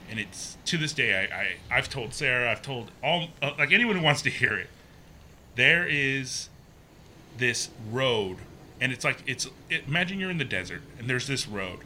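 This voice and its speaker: A young man casually telling a ghost story, animated and acting out the quotes. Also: slight background noise. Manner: animated, acts out quotes with pitch jumps.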